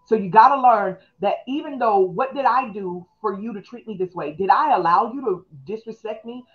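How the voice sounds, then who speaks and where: Fast-talking preaching woman, lo-fi audio. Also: mid-range voice. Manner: fast, call-and-response, preacherly. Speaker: pastor. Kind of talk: live-streamed motivational teaching.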